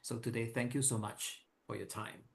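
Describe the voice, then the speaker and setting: A man's voice: mid-range voice, level tone, normal speed, vocal fry. A man hosting an interview, asking curious follow-up questions in a casual, friendly way. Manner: curious, asks follow-up questions, laughs easily. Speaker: podcast host.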